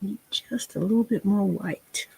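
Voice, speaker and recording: Woman art teacher, slow, husky, chatty while she paints, dry close sound. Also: mid-range voice, a little mellow. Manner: chatty, talks to herself while painting, folksy. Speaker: painting instructor. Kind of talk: casual painting tutorial.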